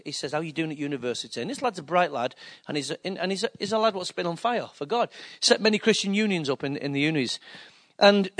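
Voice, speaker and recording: Male preacher, fairly high voice, lively storytelling sermon delivery. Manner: animated anecdotal preaching with acted-out quotes.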